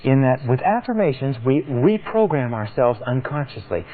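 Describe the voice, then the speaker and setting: A man's voice: medium pitch, big pitch swings, moderate pace. A man giving a motivational seminar talk, emphatic and repeating phrases with shifting stress. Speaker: seminar speaker. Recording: tinny, phone-like with faint noise.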